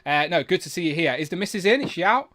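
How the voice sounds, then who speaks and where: A man with a slight lisp, hosting a live chat with guests, chatty and quick to laugh. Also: on the high side, expressive, a bit bright. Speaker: livestream host.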